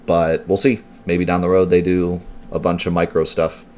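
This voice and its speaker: A man with a very low voice rambles casually through live gameplay commentary, answering his chat as he goes. His talk is loose and full of "like" and "um" fillers, with a faint hiss of noise under it. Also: level tone, moderate pace, a little mellow. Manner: chatty and rambling, answering chat questions, heavy on "like" and "um". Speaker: let's play streamer.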